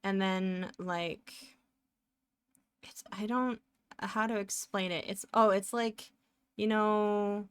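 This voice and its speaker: A woman's voice: medium pitch, fairly even intonation, slow pace, long pauses, fairly bright tone, smooth, dry recording. A woman live streaming as she draws, chatting casually and rambling as she narrates her work and often laughs. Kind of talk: casual chat while drawing live.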